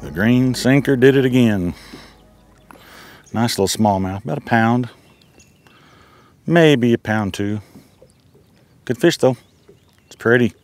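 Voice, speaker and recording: An older angler on a lake boat talks slowly through fishing tips, pausing often in a medium-pitched, slightly mellow voice. His style is folksy and laid-back, explaining step by step in casual outdoor instruction, with faint music behind.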